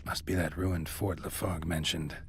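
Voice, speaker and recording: A man voicing a gruff, terse middle-aged male witcher in a clipped, low delivery. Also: level tone, moderate pace, a bit bright, a little hiss or hum. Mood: dry.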